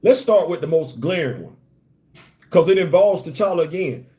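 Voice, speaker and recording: A man's voice: fairly high pitch, animated, normal speed, warm tone. A man hosting a live discussion stream, giving his opinion in an emphatic, preachy way, repeating his points to drive them home. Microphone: live-stream microphone.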